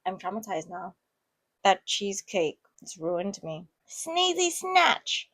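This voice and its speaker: A woman's voice: on the low side, steady tone, husky. Giggly woman reacting to online posts. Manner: chatty, giggly, quick reactions. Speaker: online story reader and commentator. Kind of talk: casual reading and reacting.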